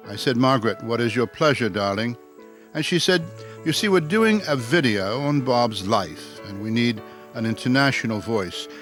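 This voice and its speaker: A man voicing a refined English gentleman who narrates a documentary in a put-on English accent, with a polished, stately delivery. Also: mid-range voice, lightly acted.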